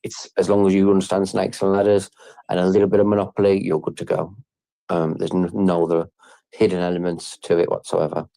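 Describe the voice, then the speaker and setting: A man's voice: low voice, level tone, a little fast, creaky, dark tone, dry recording. A man on a group audio call explaining his team's game plans, with frequent fillers and restarts. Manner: hesitant, many fillers and restarts. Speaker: game project team member. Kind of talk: casual group audio chat.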